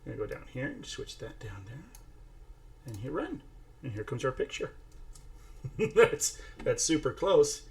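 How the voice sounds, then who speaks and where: Casual tutorial host, male, mid pitch, gravelly texture, chatty. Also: very animated, unhurried, pauses often, darkish tone. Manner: chatty, narrating each step while talking to a toddler. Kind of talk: casual screen-share tutorial.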